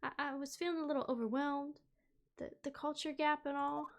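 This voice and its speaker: A woman's voice: sits high, little pitch movement, a little fast, background noise, voice pushed up. A woman doing a timid stammering girl. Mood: flustered. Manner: hesitant, stammering. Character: timid, flustered young woman sidekick.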